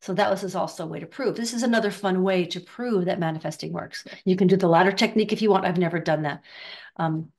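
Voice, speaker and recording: An older woman giving a casual spiritual talk, chatty and riffing, acting out bits of gossip in quick voices. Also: lowish voice, darkish tone. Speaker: spiritual teacher.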